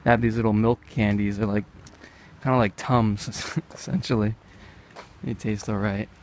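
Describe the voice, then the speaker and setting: Strolling past animal pens in an outdoor park, a young American man vlogs casually, rambling along and tossing out offhand jokes. His voice sits on the low side with fairly even intonation and a moderate pace, and the recording carries a little hiss or hum.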